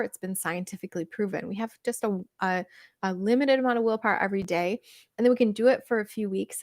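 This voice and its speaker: A woman coach chatting through a livestream Q&A, reading viewer comments and answering in an animated, laughing way with lots of fillers. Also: mid-range voice, no echo, clean studio sound. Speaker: weight-loss coach.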